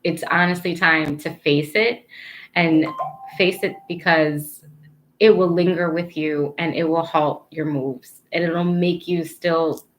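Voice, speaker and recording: A woman giving a casual spiritual card reading, earnest and encouraging, rambling with lots of fillers and losing her thread. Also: low voice. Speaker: tarot card reader.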